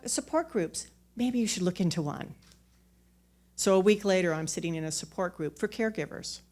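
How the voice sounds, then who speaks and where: A woman's voice: on the low side, a little mellow. A woman telling a personal story on a theater stage into a microphone, candid and self-mocking, often restarting her words.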